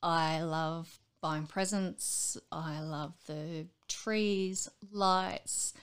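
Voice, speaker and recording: A woman's voice: sits low, very slow, clear, resonant tone. An Australian woman telling candid stories. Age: adult with school-age children. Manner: candid, animated storytelling, acting out others' voices. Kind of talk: casual chat.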